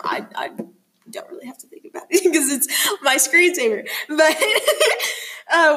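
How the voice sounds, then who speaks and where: A woman's voice: high voice, a bit bright. A young woman hosting a casual chat, chatty and giggly, with lots of fillers. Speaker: host.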